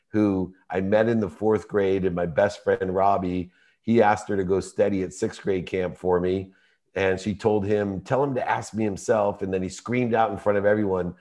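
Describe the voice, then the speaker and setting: A man in his fifties, a podcast guest, telling a personal story with emotion and animated, vivid retelling. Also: lowish voice.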